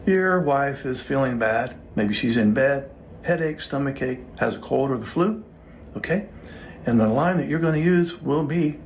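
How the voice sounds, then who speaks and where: A man's voice: medium pitch, normal speed, slight background noise. A man, a relationship coach, talking casually to camera and walking listeners through practice scripts. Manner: instructive, leads listeners through repeat-after-me scripts.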